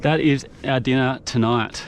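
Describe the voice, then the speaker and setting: Here a young man calls his own kayak fishing as it happens, caught on an action camera outdoors. The pitch is medium and the speed normal, and there's slight background noise behind his whooping, breathless, exuberant delivery.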